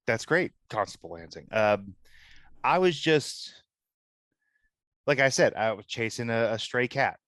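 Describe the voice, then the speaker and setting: A man's voice: medium pitch, sing-song, measured pace, long pauses, fairly bright tone, no echo. A man playing a flustered, bluffing hunter. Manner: evasive, rambling excuses. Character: flustered male monster-hunter bluffing a policeman.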